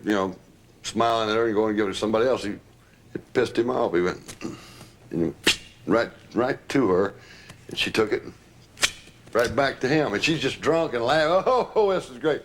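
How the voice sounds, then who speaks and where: Older guy, storyteller, laughs through his anecdotes. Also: lowish voice. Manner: animated, laughs while telling stories. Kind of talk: reminiscing anecdotes.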